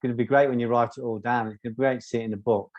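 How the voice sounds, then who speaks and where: A man's voice: mid-range voice, steady tone, racing, a little mellow, highs cut off. A man interviewing a guest, encouraging and thoughtful as he talks through an idea. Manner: encouraging, thoughtful, explains with a metaphor. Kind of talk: conversational interview.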